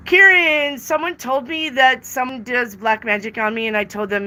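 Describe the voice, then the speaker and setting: On a live stream, a woman reads tarot, reading viewer questions aloud and answering them in casual chat, repeating words for emphasis. Her high-pitched voice is bright and pushed, with a steady tone, normal speed, and hardly any pauses.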